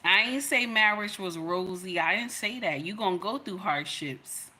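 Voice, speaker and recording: Middle-aged woman, bright and emphatic, preaching advice to her livestream audience. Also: mid-range voice, lively intonation, normal speed. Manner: emphatic, sermon-like, addresses viewers directly. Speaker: livestream host giving relationship advice.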